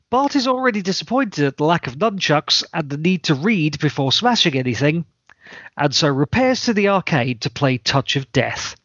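A man hosting a podcast, reading a scripted episode recap in a dry, semi-deadpan manner. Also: fairly high pitch, dry recording, muffled recording. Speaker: podcast host.

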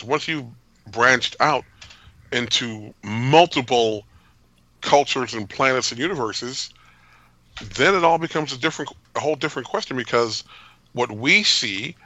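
A man co-hosting a podcast, talking in animated, opinionated casual chat. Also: medium pitch, dry recording. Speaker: podcast co-host.

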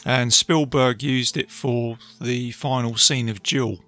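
A man hosts a laid-back film review podcast, chattily retelling scenes with plenty of fillers. His mid-range voice is steady, slow, pushed and bright, with faint music in the background.

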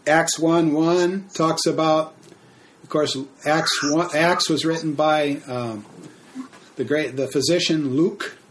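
Unhurried man preaching a sermon. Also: fairly high pitch, slight background noise. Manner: unhurried, with frequent fillers and restarts. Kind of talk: sermon teaching.

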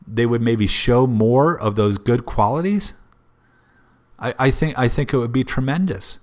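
A man, a parent, giving casual motivational advice, earnest and repetitive, asking lots of rhetorical questions. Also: mid-range voice.

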